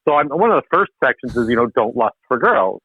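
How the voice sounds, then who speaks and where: A man telling a personal story as a guest, animated and quick to laugh at himself. His voice sits at an ordinary pitch and comes through a tinny, dry phone-like line from a remote call. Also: breathy edge, no room sound. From Canada (Ontario). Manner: animated, laughing, self-deprecating. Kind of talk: casual conversational storytelling.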